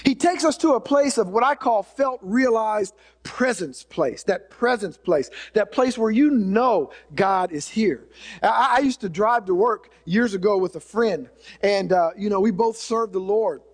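A man delivering a sermon with an earnest, conversational manner, circling back and restarting his phrases. His voice sits high for a man. The sound carries a long reverb tail, as if from a large hall. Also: a little slow. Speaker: preacher.

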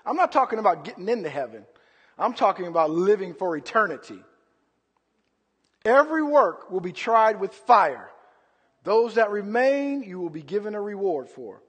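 A man preaching a sermon with passion, swinging between loud outbursts and low, quiet asides. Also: breathy edge, big-room sound.

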